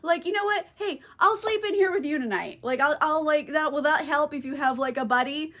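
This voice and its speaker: A woman's voice: high voice, fairly quick, fairly bright tone, pitched above the performer's own voice. A woman voicing a kind teenage boy who stumbles over his words while offering help. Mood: eager. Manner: eager, fumbling.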